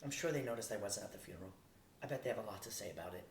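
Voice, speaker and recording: A man reading a first-person novel aloud in a steady, plain way. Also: rapid-fire, creaky. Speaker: audiobook reader. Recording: roomy distant recording, faint rumble.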